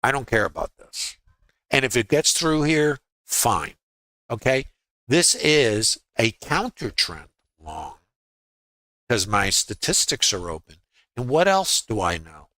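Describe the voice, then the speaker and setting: A man's voice: mid-range voice, very animated, bright, forceful tone, dry recording. A man teaching a trading lesson over his charts, firing rhetorical questions in short clipped phrases. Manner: rhetorical, quizzing the listener with quick questions. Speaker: trading educator. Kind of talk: screen-share trading lesson.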